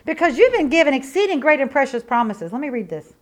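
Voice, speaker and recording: A woman's voice: high voice, very animated, quick pace. A middle-aged woman preaching a sermon with fervent, emphatic delivery, piling up rhetorical questions and repeated phrases as she testifies.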